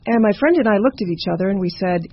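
A woman's voice: mid-range voice, expressive, quick pace, dull audio. A woman telling a campfire ghost story in a conversational way, with stumbling asides.

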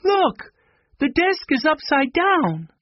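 A man's voice: very high voice, slow, dry recording, lo-fi sound, pitched above the performer's own voice, exaggerated voice. A man reading a storybook, voicing an eager young boy full of questions. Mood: curious. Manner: excited, questioning.

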